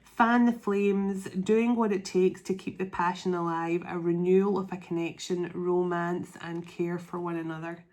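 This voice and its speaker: A woman doing a spiritual tarot reading to camera, emotional and excitable, reading card texts aloud. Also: lowish voice, moderate pace, hardly any pauses. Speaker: tarot reader.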